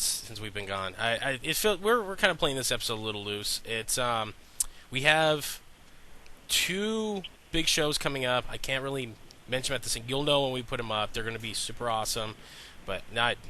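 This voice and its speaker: A man's voice: medium pitch, pushed and bright. A man co-hosting a casual podcast, rambling and self-interrupting, a little stuffed up from a sinus cold. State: slightly congested from a sinus cold. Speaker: podcast co-host.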